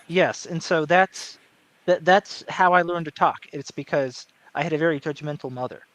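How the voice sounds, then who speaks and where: A man speaking in an articulate, measured way during a casual panel chat, with no regional accent. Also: fairly high pitch, a bit bright, no echo. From American South. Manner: articulate, measured, with many fillers and restarts. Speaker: panel guest.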